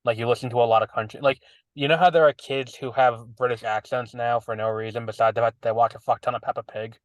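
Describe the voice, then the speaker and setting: A man's voice: medium pitch, fairly even intonation, fast talker, dry recording. A man in his twenties with a slight lisp, co-hosting a casual podcast chat in a teasing, rambling way and laughing often. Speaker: podcast co-host.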